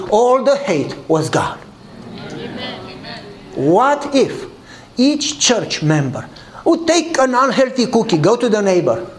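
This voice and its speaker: Animated Romanian-accented preacher telling stories. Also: male voice, high voice, slight background noise. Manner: animated storyteller acting out dialogue, laughing often. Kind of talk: sermon storytelling.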